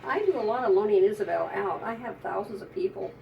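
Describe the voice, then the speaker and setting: A woman's voice: mid-range voice, fast, vocal fry, far from the mic, dull audio, slight background noise. A woman psychic telling an emotional, rambling story in a conversational interview, often restarting her sentences.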